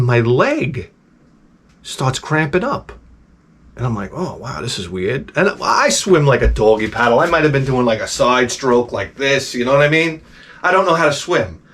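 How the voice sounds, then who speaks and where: Man with a slightly high voice telling a rambling story. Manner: rambling, animated, with swearing and restarts. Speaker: host. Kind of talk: casual personal storytelling.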